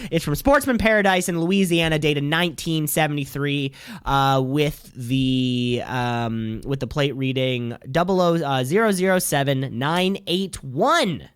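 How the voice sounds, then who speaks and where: A man's voice: on the high side, a little slow, clean tone, no room sound. A man co-hosting a podcast, joking around and trailing off into strings of filler words. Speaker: podcast co-host. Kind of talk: casual chat.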